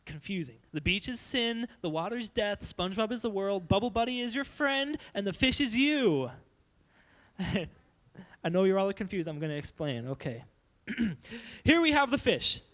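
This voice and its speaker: Animated young man preaching to youth. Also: high-pitched, normal speed. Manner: animated, playful, acts out voices. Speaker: youth pastor. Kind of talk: youth sermon.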